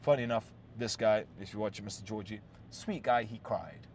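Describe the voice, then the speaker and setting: A man's voice: on the low side, fairly quick, a little hiss or hum. A man hosting a relationship-advice talk, telling a story in a blunt, profane, casual way and often checking in with "yes?" and "right?".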